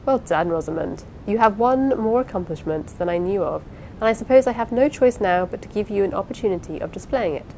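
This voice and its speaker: A woman reading the part of a gentle blind husband in an audiobook, measured and tender. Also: medium pitch, expressive, slight background noise, natural voice, rough recording. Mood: dry.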